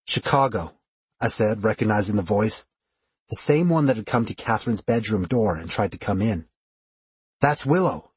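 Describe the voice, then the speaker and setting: Expressive male audiobook narrator, husky. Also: on the low side, fairly quick, no echo. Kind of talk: first-person fiction narration.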